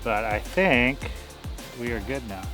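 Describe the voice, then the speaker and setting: A man casually explaining how he cooks over a campfire outdoors, in a relaxed way. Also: mid-range voice, unhurried, music in the background. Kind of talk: casual cooking demonstration.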